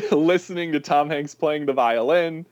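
A man co-hosting a podcast, retelling film scenes in a lively way and laughing often. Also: on the high side, a little slow, muffled recording. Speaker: podcast co-host. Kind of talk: casual chat about a film.

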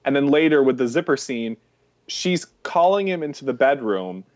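A man's voice: medium pitch, no echo. A man co-hosting a podcast, chatting casually about a movie and acting out scenes in mocking quotes. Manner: animated, quick asides, mocking quotes. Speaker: podcast co-host. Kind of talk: casual movie review chat.

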